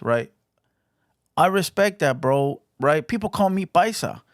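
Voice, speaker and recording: A man's voice: on the high side, animated, measured pace, pauses often, no echo, clean studio sound. A young Mexican-American man hosting a reaction show, talking bluntly and casually with lots of "right?" and "bro". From United States. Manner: blunt, profane, talks with many "right?" and "bro". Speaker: reaction channel host.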